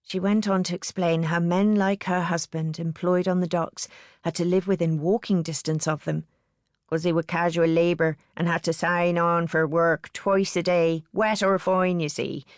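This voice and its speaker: Woman narrating an audiobook, lowish voice. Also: flat delivery, no echo, studio quality. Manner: measured storytelling.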